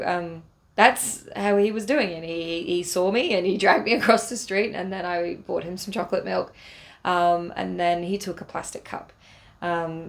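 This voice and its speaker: English woman vlogger, lowish gravelly voice, rambling travel story with lots of fillers. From England. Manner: rambling, many fillers and restarts; spiritual, earnest. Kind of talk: casual spoken travel diary.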